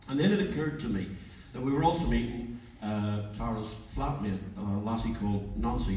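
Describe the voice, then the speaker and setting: A man in his sixties telling a swearing, lively anecdote from a stage, acting out the people in it. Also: fairly low pitch, a little hiss or hum. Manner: swearing, animated storyteller acting out quoted dialogue. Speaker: performing musician on stage. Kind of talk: stage anecdote between songs. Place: live music venue, on stage. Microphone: fan camera far from the stage. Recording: echoey distant live-gig audience recording. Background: crowd and room ambience.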